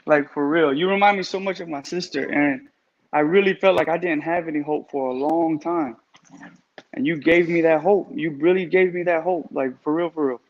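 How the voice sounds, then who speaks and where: Man on a live-stream call, slightly high voice, gushing and repetitive with thanks, muffled audio. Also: fairly even intonation, normal speed. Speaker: guest caller in recovery, barber.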